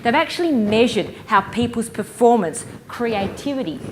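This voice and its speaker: A woman giving a lively conference keynote, engaging the audience with stories and questions. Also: fairly high pitch, moderate pace, slight background noise. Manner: lively, playful storyteller who engages the audience. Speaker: keynote speaker. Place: conference hall stage.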